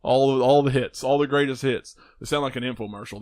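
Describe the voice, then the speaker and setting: A man's voice: mid-range voice, brisk, a little mellow, dry recording, studio quality. Laid-back male podcast host. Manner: joking, rambling, laughs often. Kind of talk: casual chat.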